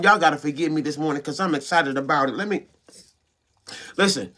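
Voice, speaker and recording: Fervent male preacher with a high, ringing voice and a morning devotional sermon, urging and repetitive, breaking into excited shouts. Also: fast talker. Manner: fervent, repeating calls of "come on" and "listen to me".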